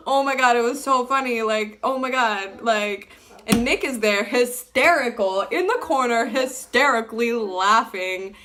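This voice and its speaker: A young woman telling a personal story to camera in casual chat, animated and full of "like", acting out what people said. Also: a little high, normal speed. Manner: animated, fillers like "like" throughout, acts out quotes. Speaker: vlogger.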